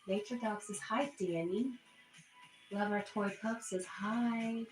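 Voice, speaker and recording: A woman's voice: medium pitch, slow. A woman hosting a casual livestream, reading viewer chat messages aloud and chatting back. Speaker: livestream host. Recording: echoey room with faint background music.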